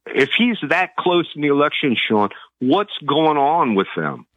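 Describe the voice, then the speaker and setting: A man's voice: a little high, big pitch swings, measured pace, no room sound. A man from Virginia calling in to a talk radio show, friendly and chatty. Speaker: caller. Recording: tinny phone line.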